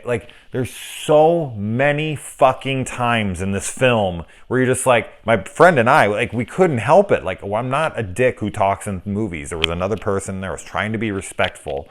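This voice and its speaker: A man's voice: fairly low pitch, expressive, normal speed, few pauses. A middle-aged man giving a casual, profane spoken film review that turns into a rant. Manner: profane, ranting, acts out quoted reactions.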